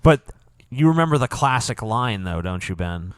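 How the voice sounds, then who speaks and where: A man's voice: on the low side, sing-song, normal speed, no room sound. A man from Louisiana co-hosting a podcast, joking sarcastically and swearing in casual banter. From Louisiana, USA. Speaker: podcast co-host. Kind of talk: casual comedic chat.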